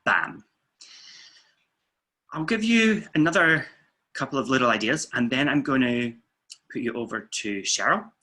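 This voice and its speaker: A man, a weight-loss coach, calmly guiding listeners through muscle tensing and breathing exercises. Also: mid-range voice, unhurried, pauses often. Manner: calm, steady counting and coaching. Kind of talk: guided relaxation instructions. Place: indoors, filming himself.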